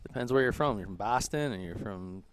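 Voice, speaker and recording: A man on a live baseball broadcast joking with his partners and reading sponsor plugs in a quick, salesy way. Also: lowish voice, lively intonation, slight background noise. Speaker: sideline host reading sponsor spots.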